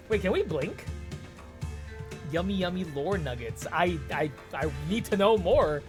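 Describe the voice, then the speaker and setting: A man with a bright, high voice that leaps up and down as he chats through a game stream. He is playful and quick to laugh. Soft music hums faintly behind him. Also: sing-song. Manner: playful, laughs often, reads dialogue aloud. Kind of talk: casual gameplay commentary. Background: faint background music.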